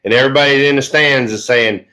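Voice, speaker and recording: A man's voice: medium pitch, fast, sharp tone. A man, a former ballplayer co-hosting a casual sports chat and telling laid-back, salty anecdotes. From Louisiana. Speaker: co-host, former baseball player.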